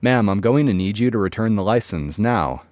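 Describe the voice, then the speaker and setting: Polite calm cop, formal and measured, voiced by a man with lively pitch. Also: no room sound, studio quality, soft background music, close to an everyday voice. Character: calm polite male police officer.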